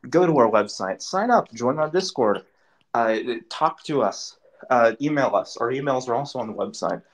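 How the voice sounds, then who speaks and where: Man chairing a casual call meeting, mid-pitched, loose and rambling. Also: lively intonation, normal speed. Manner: informal, rambling.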